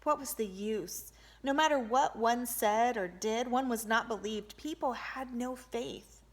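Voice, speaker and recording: A woman reading a novel aloud as an audiobook, with expressive narration. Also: on the high side, a little slow. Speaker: audiobook reader for a homeschool group.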